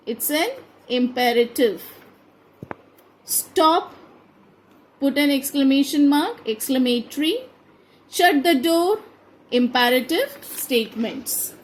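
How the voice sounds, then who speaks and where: A woman's voice: high voice, expressive, unhurried, a little mellow, poor audio. A woman teaching a grammar lesson to a class, reading each sentence aloud and spelling out the answers. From India. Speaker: school teacher.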